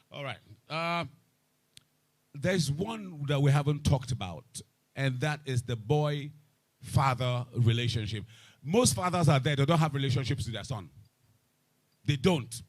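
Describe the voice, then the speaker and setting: A man moderating a live panel, emphatic and repetitive, growing loud and animated, speaking into a microphone. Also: mid-range voice, a little slow, pauses often. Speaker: event moderator. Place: event hall with a microphone. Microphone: handheld event microphone.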